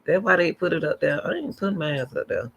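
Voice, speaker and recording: Woman, middle-aged, livestream host, gravelly, bright, rambling chat with viewers. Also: sits low, animated, a little fast, highs cut off. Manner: chatty, rambling, answers viewer comments aloud. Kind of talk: casual livestream commentary.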